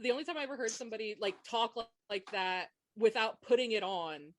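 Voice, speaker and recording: A woman's voice: on the high side, lively intonation, quick pace, a little hiss or hum. A woman co-hosting a podcast, chatting casually, laughing often and reading out quiz questions. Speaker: podcast co-host. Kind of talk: casual chat.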